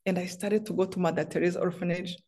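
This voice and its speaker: A woman's voice: on the low side, steady tone, quick pace, mellow. A middle-aged woman from Rwanda, a guest author in a faith interview, telling personal stories with feeling and frequent restarts. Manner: heartfelt, personal storytelling with many restarts.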